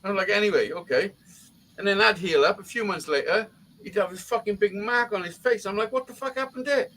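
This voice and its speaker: A man's voice: high-pitched, fairly quick, pushed and bright, low-quality recording. A middle-aged man, telling a rambling story in casual chat and swearing constantly.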